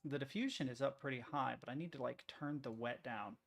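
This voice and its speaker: A man's voice: mid-range voice, fairly quick, vocal fry. A man streaming, chatting casually in a rambling, self-interrupting way while he makes music on a computer, swearing now and then.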